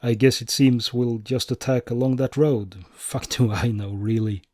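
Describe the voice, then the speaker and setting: Male narrator doing a blunt, fatalistic squad leader, curt and profane, even middle-pitched voice, dry sound. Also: a little slow, no echo, natural voice. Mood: glum. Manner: curt, swearing, shrugging. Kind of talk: audiobook dialogue.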